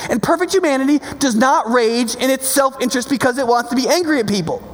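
Male preacher, high voice, emphatic and conversational, long hall reverb. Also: animated, quick pace. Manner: emphatic, conversational, keeps asking "right?". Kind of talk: sermon.

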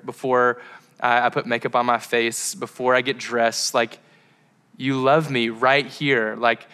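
A man's voice: medium pitch, pushed and bright, smooth. A young man preaching a casual sermon to a live crowd, chatty and rambling with fillers and tangents.

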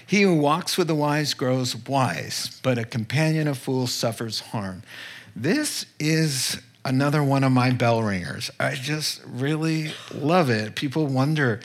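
A man's voice: a little high, animated, unhurried, a bit bright. A man preaching a conversational sermon from Proverbs, candid and often checking in with his listeners. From northeastern United States. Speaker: pastor.

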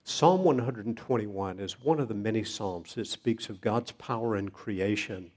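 A man preaching a sermon, reading scripture in a measured way. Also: fairly low pitch. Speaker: pastor.

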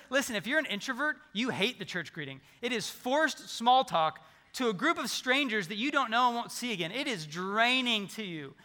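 Bright-voiced pastor preaching in a reverberant church. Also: male voice, high-pitched. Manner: animated, conversational preaching with humor. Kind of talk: sermon. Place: large church sanctuary. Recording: long hall reverb.

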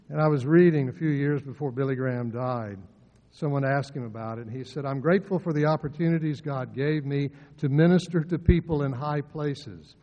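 An older man preaching a sermon, telling stories and swinging between soft asides and loud, emphatic lines. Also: medium pitch. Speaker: pastor. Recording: dull sound with long hall reverb.

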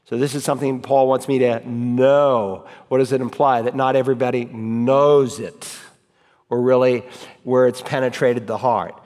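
Man, Bible study teacher, mid-pitched voice, conversational, repeats phrases, long echo of a big hall. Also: moderate pace, a little mellow. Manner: conversational, repeats key phrases, recites verses aloud to demonstrate. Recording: reverberant hall.

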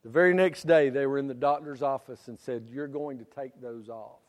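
A middle-aged man preaching a sermon, swinging from loud preaching to quiet storytelling. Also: medium pitch, moderate pace. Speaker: pastor. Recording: church hall reverb.

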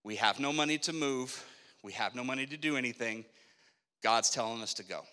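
A middle-aged man telling a personal faith story as a sermon, animated, acting out the dialogue of the people in it. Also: medium pitch, brisk. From Spokane, Washington, USA. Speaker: preacher telling his testimony. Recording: long echo of a hall.

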